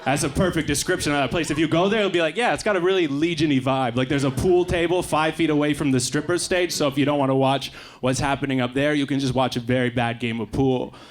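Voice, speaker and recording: A young Canadian man performing a stand-up set in a comedy club, with quick deadpan asides. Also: on the high side. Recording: live club recording with faint crowd noise. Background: faint audience laughter.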